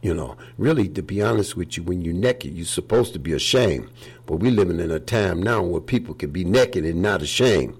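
A man's voice: low-pitched, vocal fry, darkish tone, slightly rough. A man preaching an informal sermon in a folksy, rambling way, often saying "praise the Lord.". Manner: rambling, with many fillers.

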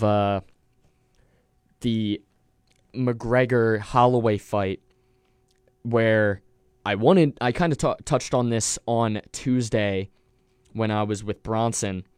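Young male college radio host, low and smooth, dry studio, rambling casual talk. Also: a little mellow, no room sound. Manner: rambling, with restarts and fillers.

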